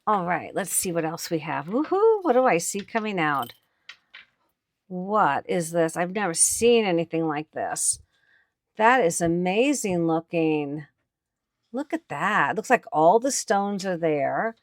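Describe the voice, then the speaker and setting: Woman vlog host, slow and low-pitched, chatty and excited, dry close sound. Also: dry recording. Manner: chatty and enthusiastic, showing items to viewers. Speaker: antiques picker and channel host. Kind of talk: casual on-camera commentary. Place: indoors at an estate sale.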